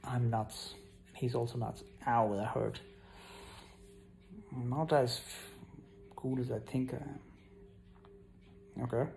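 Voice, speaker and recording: Young male vlogger, gravelly and relaxed, scattered and self-deprecating, talking straight to viewers, tired. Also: mid-range voice, slow pace, pauses often, slight background noise. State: yawning, tired. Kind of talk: casual rambling vlog to camera.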